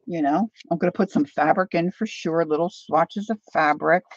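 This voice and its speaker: A woman's voice: lowish voice, normal speed, no echo. Chatty middle-aged woman, lo-fi recording. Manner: chatty, rambling storyteller, talks to viewers by name. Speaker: craft channel host. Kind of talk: casual livestream chat while crafting. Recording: dull lo-fi dry home recording.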